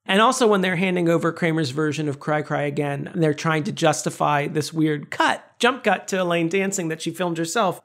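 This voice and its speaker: Podcast co-host, animated storyteller, acts out quoted lines, casual chat. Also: mid-range voice, normal speed. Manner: casual swearing.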